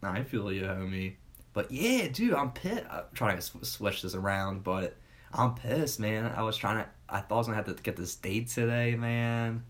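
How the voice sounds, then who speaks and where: A man's voice: fairly low pitch, animated, moderate pace, fairly bright tone. A young man in casual chat, talking in a laid-back, slangy way with plenty of swearing.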